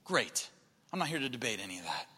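A man's voice: mid-range voice, big pitch swings, fast talker, pushed and bright, breathy edge, big-room sound. A man preaching a sermon as pastor, talking in an earnest, conversational way. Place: church sanctuary.

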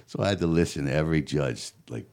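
A man's voice: rumbling low, fast. A male comedian telling stories on a podcast in a studio, acting out what people said and laughing often. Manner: animated, laughing storyteller who acts out quotes. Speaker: comedian guest. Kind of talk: casual storytelling.

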